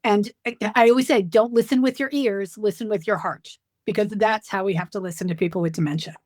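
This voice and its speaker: A middle-aged woman, a dementia care expert, telling stories in a lively conversational way and acting out the dialogue. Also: medium pitch, fairly quick, no room sound, studio quality. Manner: storytelling, animated, acts out dialogue. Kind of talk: conversational podcast interview.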